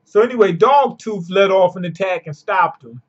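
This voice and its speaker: A man's voice: sits high, moderate pace, breathy edge. A man reviewing a manga chapter in casual, profane slang, laid-back and chatty. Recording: lo-fi dull sound.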